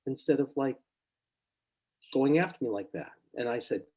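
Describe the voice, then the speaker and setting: A middle-aged man, a psychotherapist, relaxed and storytelling in a podcast interview, quietly acting out his clients' words. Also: mid-range voice, normal speed, long pauses, husky, muffled recording. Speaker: psychotherapist guest.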